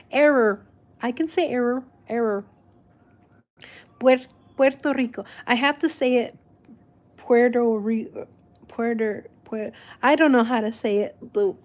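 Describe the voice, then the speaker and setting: A woman whose first language is Spanish, chatting casually and rambling warmly with frequent restarts and laughs. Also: on the high side. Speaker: vlog host. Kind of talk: casual chat.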